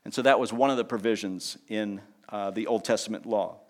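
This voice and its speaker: A man preaching a sermon in a lively teaching tone, with conversational asides and small jokes. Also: fairly quick. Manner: lively teaching tone, pitch rising on key points and dropping low on asides. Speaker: pastor.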